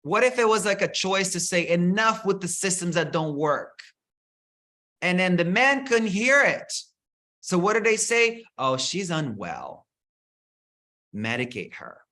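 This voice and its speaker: A man leading a spiritual workshop in an expressive, casual way, swearing freely and slipping into mocking voices. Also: on the high side. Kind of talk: animated spiritual talk.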